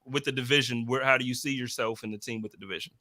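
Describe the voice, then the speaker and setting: A man hosting a casual sports podcast, talking in an animated, teasing way and laughing often. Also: mid-range voice, very fast, no room sound. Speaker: podcast host.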